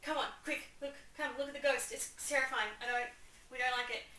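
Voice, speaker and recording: A woman's voice: high-pitched, steady tone, a little fast, bright, forceful tone. Woman doing panicky, frantic guards. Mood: scared. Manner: frantic, pleading. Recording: echoey room, distant mic, faint hiss.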